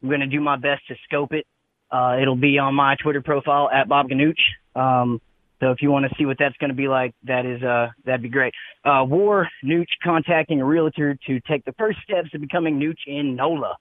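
A man's voice: medium pitch, fairly even intonation, brisk. A man calling into a radio show, laid-back and rambling, peppering his talk with "man". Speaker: caller. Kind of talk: prepared call-in speech. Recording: phone line.

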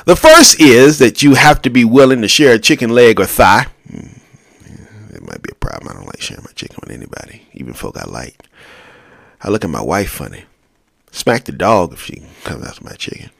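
A man's voice: fairly low pitch, big pitch swings, fairly quick, gravelly, a bit bright, no echo, clean studio sound. A man hosting a solo podcast, rambling casually with crude jokes and asides to himself. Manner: rambling, jokey, crude asides, talks to himself while scrolling. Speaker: podcast host.

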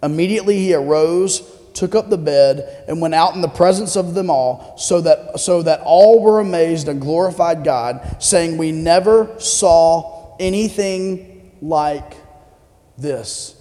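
A man's voice: a little high, moderate pace, mellow. A man preaching a conversational sermon as a pastor, asking the congregation questions as he goes. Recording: long hall reverb.

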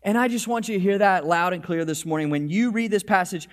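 A male pastor delivers his sermon in a high-pitched voice. He talks in an animated way, often restarting and repeating words, and his voice carries a lingering hall echo. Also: brisk. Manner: animated preaching with frequent restarts. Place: church. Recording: hall reverb.

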